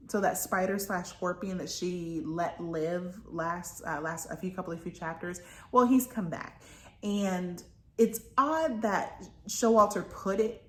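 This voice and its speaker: A woman talking casually about a book she is reading, rambling with lots of asides and fillers. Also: mid-range voice. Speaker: book reviewer. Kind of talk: casual book review chat. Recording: roomy echo.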